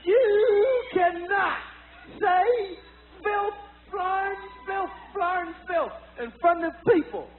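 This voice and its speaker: A man doing an impression of a fussy, preachy older male comedian who lectures slowly. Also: very high-pitched. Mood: prim scolding. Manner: slow, drawn-out, scolding lecture. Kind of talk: stand-up impression. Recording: tinny lo-fi film audio with faint hiss.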